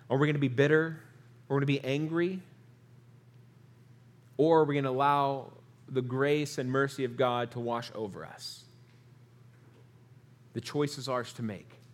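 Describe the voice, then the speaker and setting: A male pastor preaching an earnest sermon, his voice rising through lists and dropping soft on the key lines. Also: medium pitch, steady tone, moderate pace, long pauses.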